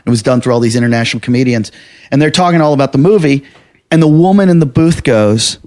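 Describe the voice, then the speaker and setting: Man comedian telling an animated story. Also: medium pitch, fast talker. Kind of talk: casual chat.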